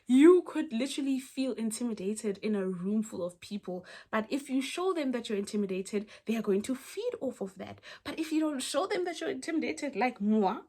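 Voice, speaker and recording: A young woman from South Africa giving casual advice to the camera, emphatic and animated, full of rhetorical questions and restarts. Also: on the high side, normal speed, few pauses. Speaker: advice vlogger.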